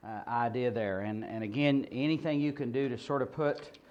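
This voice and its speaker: A man's voice: medium pitch, normal speed. A man training people at a ministry seminar, talking informally with stories, many fillers and restarts. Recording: muffled lo-fi recording.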